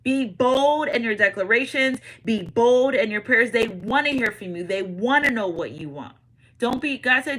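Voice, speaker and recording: A woman giving a casual spiritual tarot reading, animated and repeating catchphrases, swinging between loud and hushed. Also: on the high side, normal speed, low-quality recording. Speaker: tarot reader.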